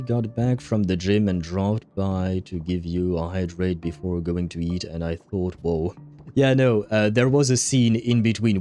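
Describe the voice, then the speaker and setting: Rambling low-voiced male streamer. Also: dark tone. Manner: rambling, many fillers, frequent laughs. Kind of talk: casual livestream chat reading viewer comments.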